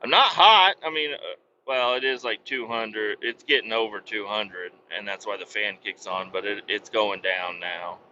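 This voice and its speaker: A truck driver talks from his cab in a loose, rambling way, cursing freely at his failing engine. His voice is bright and forceful, and the recording sounds dull and lo-fi. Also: lowish voice, fairly even intonation, normal speed, slight background noise. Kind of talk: casual vlog while driving.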